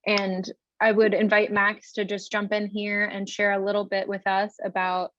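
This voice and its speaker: Over a video call, a young woman who serves as a student group officer reads announcements and introduces a guest as moderator. Her medium-pitched voice is monotone and a bit bright, at a moderate pace, with a few hesitant ums. The audio is dull but has no echo.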